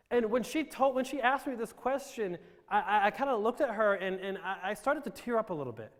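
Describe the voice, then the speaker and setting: A man's voice: high-pitched, lively intonation, brisk. A man from Romania telling his life story to a live audience with self-deprecating jokes and rambling restarts. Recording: reverberant hall.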